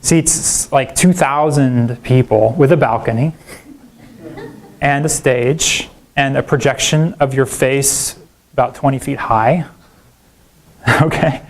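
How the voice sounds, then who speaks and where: A middle-aged male professor giving a public lecture in a university hall. He tells stories in a lively, self-deprecating way and often checks in with his listeners. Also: mid-range voice, slow pace, pauses often. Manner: animated storyteller, self-deprecating, frequent "right?" and "like".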